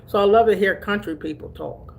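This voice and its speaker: A woman's voice: mid-range voice, a little fast, slight background noise. An older woman from Delaware chatting casually to camera as a vlogger. She calls her viewers honey and baby and laughs easily while telling stories. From Delaware, USA.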